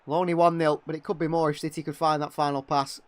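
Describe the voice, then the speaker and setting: A young man giving partisan live fan commentary on a match, excitable and quick to criticise players. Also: a little high, dry recording. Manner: excitable, exclaiming at big moments, critical of players.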